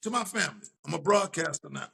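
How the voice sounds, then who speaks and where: Talk show co-host: man with a high, very gravelly voice, laid-back and opinionated. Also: expressive, quick pace, sharp tone. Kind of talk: casual podcast chat.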